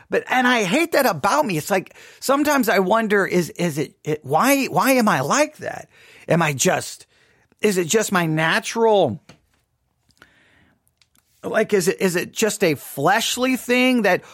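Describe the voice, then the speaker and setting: A man from Texas, a Christian commentator, talking in a casual monologue into a microphone, candid and animated, acting out the voices in his stories. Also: high voice, moderate pace, no room sound, clean studio sound. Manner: candid, animated storytelling with acted-out quotes. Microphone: studio microphone.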